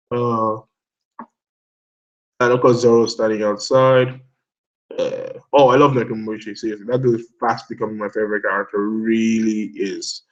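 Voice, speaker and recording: Young male host, casual excitable fan talk, frequent swearing and laughter, muffled home recording. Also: mid-range voice. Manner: excitable, swearing, laughs often, quotes characters in bursts. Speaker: manga discussion host. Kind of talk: casual chat.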